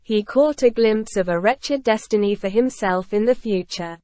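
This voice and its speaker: A woman reading a classic novel aloud in steady, even scripted narration. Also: medium pitch, moderate pace, no echo. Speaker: audiobook reader.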